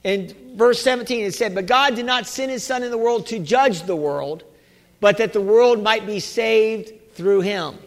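A male pastor preaching a sermon, halting with many restarts and rising to shouts at the peaks. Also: high voice. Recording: long reverb of a large hall.

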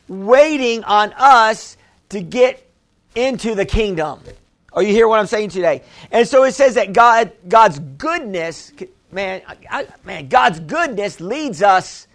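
A man with a high-pitched, slightly bright voice preaches a sermon as a pastor. He repeats phrases for emphasis and calls on the congregation to answer with amens, call-and-response style.

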